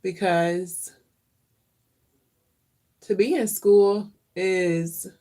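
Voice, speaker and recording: A woman's voice: medium pitch, fairly even intonation, very slow, warm tone. A woman vlogger talking casually and earnestly, openly emotional and reflective, often repeating phrases for emphasis. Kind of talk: casual chat.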